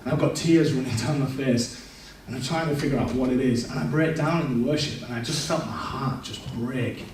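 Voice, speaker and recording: This man's medium-pitched voice is fairly quick with few pauses, and there's slight background noise. Recorded from afar in a large, echoey church hall, he gives an open personal testimony at the service, storytelling and reenacting what he said back then.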